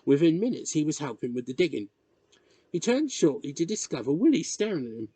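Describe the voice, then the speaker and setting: A man reading a novel chapter aloud in measured, expressive narration. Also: fairly high pitch, husky, no room sound. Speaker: reader. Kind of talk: audiobook narration.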